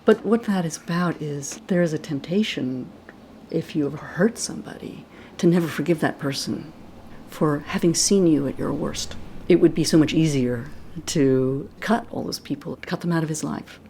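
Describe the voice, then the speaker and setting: A man's voice: a little high, normal speed, mellow, a little hiss or hum, poor audio. Thoughtful man explaining in interview. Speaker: author interviewee. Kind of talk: reflective interview talk.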